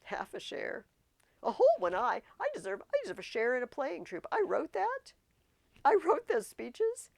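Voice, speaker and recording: A woman's voice: high voice, huge pitch swings, moderate pace, creaky, a little mellow, no echo, voice pushed up, heavily acted. A woman reading a manic, gleeful young prince. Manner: theatrical Shakespearean verse reading.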